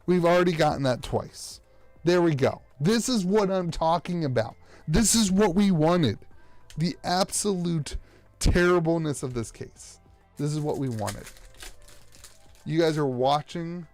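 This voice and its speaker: A man's voice: a little high, expressive, unhurried, darkish tone, soft background music. An American man streaming live as he opens card packs, rambling with sarcastic, self-mocking banter.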